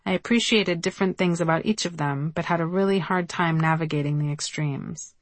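A woman reads her memoir aloud in a wry, conversational storytelling manner. Her voice sits fairly low. The recording is dry and close, with no room sound. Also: brisk, dry recording. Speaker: memoir narrator. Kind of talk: audiobook memoir reading.

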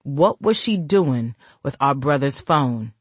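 Woman doing a low-voiced suspicious homie, accusing, cussing, dry sound. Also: lively intonation, slow, slightly rough, no room sound, exaggerated voice. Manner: blunt, profane street slang. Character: suspicious, gossiping young man in the crew.

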